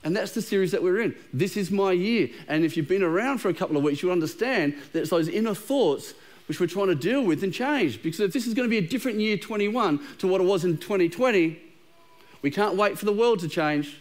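High-voiced pastor, chatty sermon. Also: male voice, lively intonation, a little fast. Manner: conversational and humorous, with frequent repeated words. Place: church auditorium with a live congregation.

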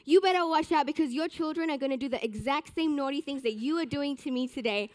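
A young woman giving a sermon, telling a personal story with animated, self-mocking humor. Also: high-pitched, quick pace. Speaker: church speaker.

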